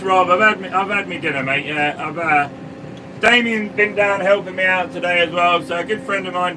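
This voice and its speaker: Chatty farmer, high voice, engine noise. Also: male voice. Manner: chatty, greets viewers by name. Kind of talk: casual live stream chat. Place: sprayer cab on a farm field. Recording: mic at a distance, vehicle noise.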